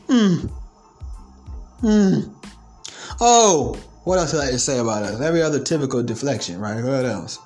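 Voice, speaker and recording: A man's voice: on the high side, expressive, moderate pace, long pauses, soft background music. A man vlogging in a profane, mocking and sarcastic rant. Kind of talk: ranting commentary.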